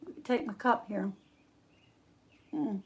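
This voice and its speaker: A woman hosting a casual livestream, chatting warmly with viewers, laughing often and reading out their names. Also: fairly high pitch, measured pace, gravelly, breathy edge. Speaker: homestead channel host.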